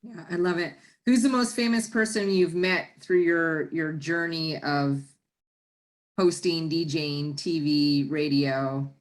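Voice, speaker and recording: Podcast host, slow talker, egging the guest on with questions. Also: mid-range voice, steady tone. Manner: encouraging, prompting. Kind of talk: casual interview.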